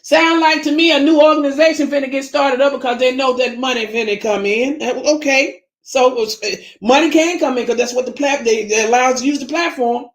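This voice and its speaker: A woman's voice: high-pitched, brisk, hardly any pauses, echoey room. A woman with a Southern US accent, talking to her viewers in casual commentary, emphatic and preachy, repeating her points and calling them family. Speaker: YouTube channel host.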